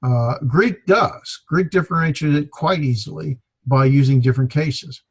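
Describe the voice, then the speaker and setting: A man teaching a Greek grammar class, explaining in a halting way with many fillers. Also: a little high, husky. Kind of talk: classroom lecture.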